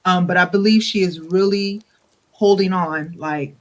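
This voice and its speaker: A woman's voice: lowish voice, a little slow. A woman joining a podcast over an online call, chatting casually and acting out quotes expressively. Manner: expressive, acts out quotes with laughs. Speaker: podcast guest. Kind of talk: casual chat.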